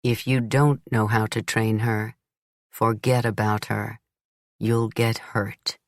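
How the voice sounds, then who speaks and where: A woman's voice: rumbling low, flat delivery, slow pace, no room sound, clean studio sound, pitched below the performer's own voice, heavily acted. A woman voicing an arrogant, crude male businessman who boasts and threatens in an audiobook. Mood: boastful. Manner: boastful, contemptuous, menacing. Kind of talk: audiobook character voice.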